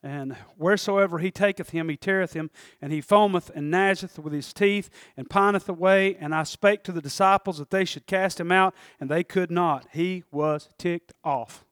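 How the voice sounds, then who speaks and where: Male pastor, sermon delivery, very high-pitched, dry close recording, builds to shouts. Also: moderate pace, few pauses, clean tone, no echo. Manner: swings from low reading to shouting fervor.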